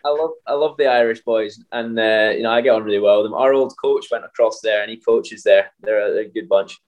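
A young Scottish man answering interview questions in a relaxed, self-deprecating way, often laughing. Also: fairly low pitch, fast talker. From Scotland. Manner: laid-back, laughs at himself. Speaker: guest athlete.

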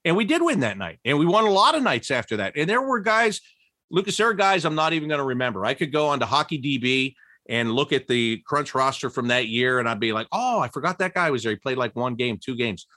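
Animated man telling hockey stories. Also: quick pace, dry recording, studio quality. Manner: animated, laughing storyteller with big pitch jumps when quoting. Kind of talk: storytelling interview.

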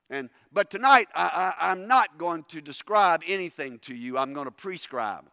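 A man's voice: on the high side, pushed and bright, studio quality. A man preaching a sermon emphatically, often restarting his words. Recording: long reverb of a large hall.

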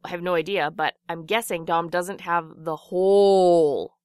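A woman co-hosting a casual book discussion podcast, chatty and playful, quick to laugh. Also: on the low side, fairly even intonation, a little mellow, clear, resonant tone, no echo, clean studio sound. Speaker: podcast co-host.

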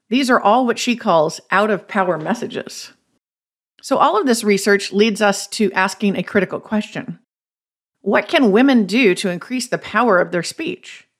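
A woman hosting a podcast, giving a scripted, instructive narration. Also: medium pitch. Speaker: podcast host.

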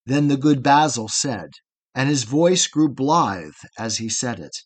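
A man narrating an epic poem for an audiobook, reading in a measured, rhythmic way. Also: medium pitch, expressive.

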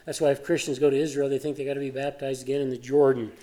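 A man preaching a sermon, teaching through Bible verses in an emphatic, conversational way, swinging from loud points to hushed asides. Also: mid-range voice, flat delivery, rapid-fire.

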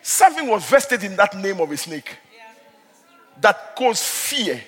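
A male preacher giving an impassioned sermon, dropping to hushed asides and rising to shouts. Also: sits high, very animated, a little slow, husky, long reverb tail. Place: church hall.

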